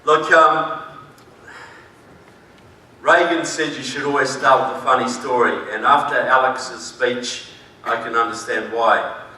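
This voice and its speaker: A man's voice: medium pitch, steady tone, measured pace, pauses often, bright, forceful tone, distant mic. New Zealand man speaking in an echoey hall. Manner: folksy, joking, emphatic. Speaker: conference speaker. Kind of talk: conference speech. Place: large conference hall.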